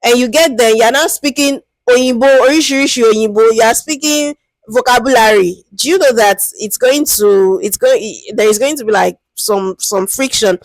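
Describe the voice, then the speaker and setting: Woman, Nigerian accent, lively conversational teacher, fairly high voice, dry close sound. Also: normal speed, dry recording. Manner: lively, conversational, keeps asking "do you understand?"; acts out interview lines in a higher, sweeter voice. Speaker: product management teacher. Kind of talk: casual explanatory talk.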